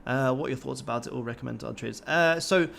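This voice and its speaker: Young male livestream host, casual and profane, hyped and motivational, average pitch. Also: very fast, gravelly, fairly bright tone, a little hiss or hum. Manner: swears constantly, pumped-up and motivational.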